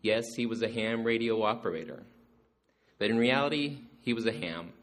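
A man telling stories about his father to a gathering, animated and acting out the jokes. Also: lowish voice, normal speed. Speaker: storyteller remembering his father. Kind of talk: storytelling to a gathering.

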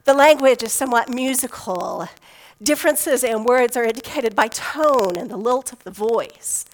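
A woman pastor delivers a sermon in a slightly high voice. She talks like she is telling a story to friends, easygoing and conversational, and slips in homespun humor. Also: moderate pace, poor audio.

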